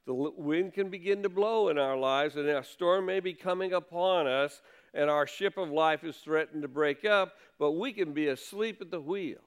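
A male pastor delivers a sermon in a smooth, clear voice, pitched a little high. He preaches earnestly, lifting his voice for quoted questions and sinking low for quieter asides. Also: moderate pace.

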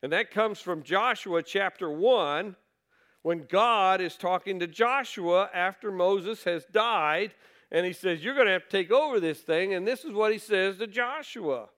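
A man's voice: high voice, unhurried, fairly bright tone. A man preaching a sermon in a conversational way, reading scripture aloud and asking his listeners rhetorical questions. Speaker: pastor.

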